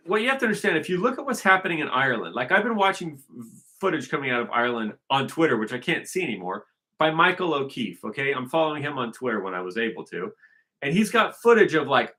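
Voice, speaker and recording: A man's voice: medium pitch, sharp tone. A man talking in a casual unscripted monologue, rambling and emphatic, often circling back to restate his point. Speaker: vlogger.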